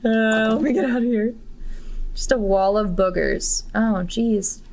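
A woman's voice: fairly high pitch, unhurried, darkish tone. A young woman giving casual, giggly gameplay commentary full of crude jokes. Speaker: game streamer.

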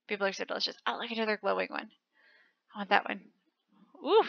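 A woman hosting a channel, giving excited commentary as she plays a game, gushing and squealing at close calls. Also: medium pitch, quick pace, vocal fry, no room sound, highs cut off. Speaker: channel host.

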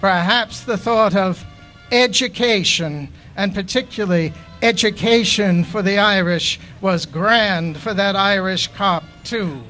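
A man reading his own memoir poetry aloud at a poetry festival, in a measured, unhurried way. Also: sits high, sharp tone, faint music behind.

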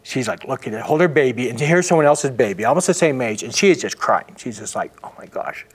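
A middle-aged man, a guest in an interview, earnestly telling a personal story and often dropping his voice to a hush. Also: mid-range voice, expressive, fast, slightly rough. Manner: earnest, narrates with acted quotes and frequent hushed drops.

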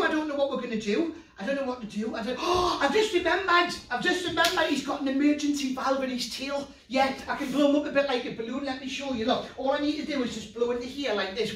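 Playful North East English man, children's magician, high-pitched, recorded roomy and distant. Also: fast, hardly any pauses. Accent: Geordie. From North East England. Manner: playful, excitable, talks straight to the kids at home. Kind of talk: children's comedy magic show.

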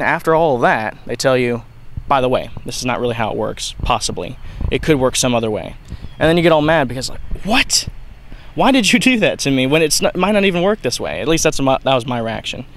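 Young man, mid-pitched, rambling lecture delivery with restarts, faint noise behind. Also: poor audio. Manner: rambling, with frequent restarts and fillers. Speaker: video lecturer. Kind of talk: unscripted explanatory talk.

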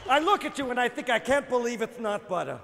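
A man's voice: very high voice, expressive, fast talker, gravelly, in a large hall, noisy background, heavily acted. A man playing a gushing, fussy middle-aged woman fan who peppers her talk with Yiddish words, live on an arena stage. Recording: live arena sound with loud crowd.

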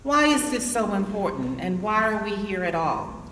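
Woman in her 60s, keynote speaker. Formal, lively address full of rhetorical questions, heard from afar in a big echoing hall. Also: medium pitch, normal speed, a little hiss or hum. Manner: rhetorical, poses questions to the audience. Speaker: keynote speaker, association president. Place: large conference hall. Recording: roomy reverberant hall, distant mic.

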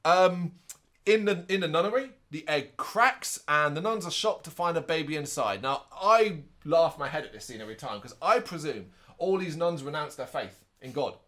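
Animated man recapping a film. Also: fairly high pitch. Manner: animated recapping, with quick asides in put-on voices. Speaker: podcast co-host. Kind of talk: casual movie review chat.

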